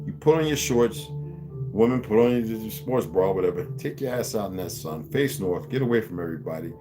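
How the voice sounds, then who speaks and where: A man's voice: on the low side, animated, fairly quick. A man hosting a casual livestream, rambling and profane, who laughs often as he talks. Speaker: livestream host. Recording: music playing clearly behind.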